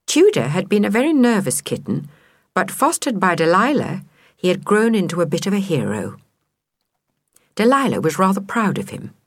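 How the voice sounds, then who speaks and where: Expressive woman reading a storybook. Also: mid-range voice, no room sound, studio quality. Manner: expressive, measured. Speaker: narrator.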